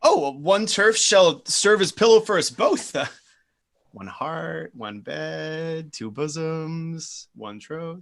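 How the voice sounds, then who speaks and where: A man playing a lovesick young nobleman in a Shakespeare reading, swinging between soft pleading and loud passion. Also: on the high side, animated, slow pace, creaky, heavily acted. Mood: ardent. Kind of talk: Shakespeare stage reading over video call.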